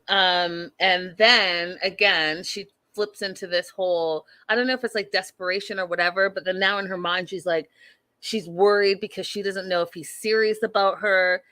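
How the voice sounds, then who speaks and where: A woman in her thirties hosting a casual show recap, blunt and opinionated, talking straight to her listeners. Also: medium pitch. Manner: animated, blunt and opinionated, addresses listeners as y'all. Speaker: podcast host recapping a reality show.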